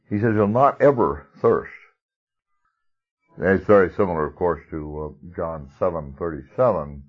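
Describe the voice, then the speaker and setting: A low-pitched man preaches a sermon with a husky edge to his voice. He talks conversationally and leans on key words, with a soft chuckle here and there. The recording sounds dull and lo-fi.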